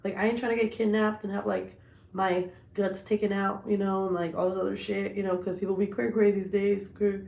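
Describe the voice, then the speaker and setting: A woman's voice: mid-range voice, little pitch movement, fairly quick, gravelly, a little mellow, echoey room. Blunt, profane woman telling stories. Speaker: vlogger. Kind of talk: casual storytelling chat.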